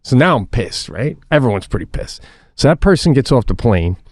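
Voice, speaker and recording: A man co-hosting a podcast, telling a casual story in an animated way, swearing and restarting his sentences. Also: medium pitch, a little fast, breathy edge, dry recording, studio quality. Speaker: podcast co-host.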